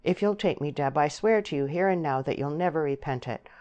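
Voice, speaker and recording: An impulsive, restless young countryman in a spoken storybook, pressing his case with eager, slightly trembling earnestness. A woman reads him in her low, deep voice. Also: sing-song, moderate pace, darkish tone, highs cut off. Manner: eager, pleading, then blunt.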